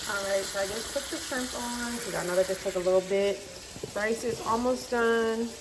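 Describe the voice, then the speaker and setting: A woman talking casually to her viewers in a relaxed, rambling vlog, narrating what she is doing as she goes. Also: fairly high pitch, normal speed, very noisy. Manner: chatty, talks straight to viewers, relaxed and rambling. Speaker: lifestyle vlogger. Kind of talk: casual vlog chat to camera.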